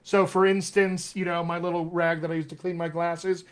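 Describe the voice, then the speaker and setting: Guy coaching accents on a livestream, kinda high voice, super conversational, keeps saying all right?. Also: little pitch movement, smooth. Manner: addresses viewers as "my friends"; slows down to stress key words. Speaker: dialect coach. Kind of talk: live-streamed teaching talk. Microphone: webcam or computer mic on a live video stream.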